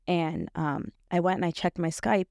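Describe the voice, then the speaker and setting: A young woman telling a personal story as a podcast guest, halting, with many fillers and restarts. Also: lowish voice, vocal fry, darkish tone, no echo, studio quality. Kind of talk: personal testimony in conversation.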